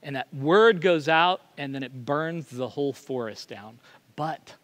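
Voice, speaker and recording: A man's voice: fairly high pitch, animated, a little slow, a bit bright. A male pastor preaching a sermon in a confessional, self-deprecating way, often stammering and restarting.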